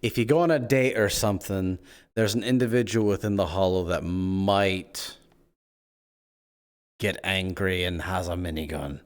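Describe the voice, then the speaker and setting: Low-voiced man in playful roleplay. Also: unhurried. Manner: playful, teasing, voice jumps high when mock-offended. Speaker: roleplay player. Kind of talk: in-character roleplay chat.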